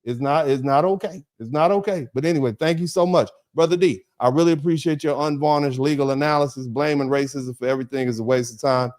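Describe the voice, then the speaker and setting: A middle-aged American man hosting a livestream, reading chat comments and riffing in a lively, preacherly way, acting out little dialogues. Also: quick pace, few pauses. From United States. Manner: animated, preacherly, acts out dialogues; drops to low, quiet tone when telling a personal story.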